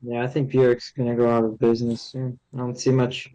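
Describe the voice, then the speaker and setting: Flat-voiced hesitant podcast co-host. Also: male voice, medium pitch, a little fast, highs cut off. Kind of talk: casual sports podcast chat.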